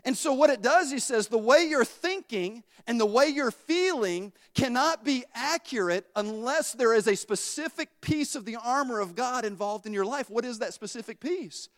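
High-voiced preacher in an echoey hall. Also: male voice, moderate pace, hardly any pauses. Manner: folksy, animated storytelling with laughs. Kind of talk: sermon.

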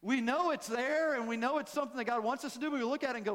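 A pastor with a high, light, somewhat bright voice races through a folksy, joking sermon, sprinkling in self-deprecating asides. His very fast delivery echoes with the long reverb of a church hall.

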